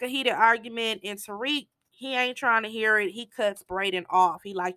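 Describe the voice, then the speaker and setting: Bright-voiced woman recapping a show. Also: on the high side, normal speed, no echo. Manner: animated storytelling with slangy asides. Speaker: TV episode recapper. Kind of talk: casual episode recap.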